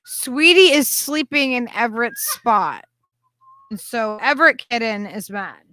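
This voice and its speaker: A woman's voice: on the high side, animated, measured pace, pushed and bright. A woman co-hosting a casual podcast, chatty and full of fillers, who keeps fussing over her pets. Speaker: podcast co-host. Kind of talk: casual chat.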